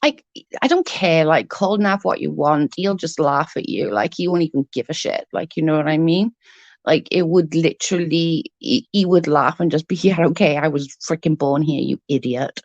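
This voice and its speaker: A woman in her thirties vents into the camera with a fairly low voice, her swearing storytelling loose and fired up. The sound is dry and close, with no room behind her. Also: normal speed, no room sound, muffled recording. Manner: heated, swears freely, animated retelling. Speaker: vlogger. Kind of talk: casual storytelling vlog.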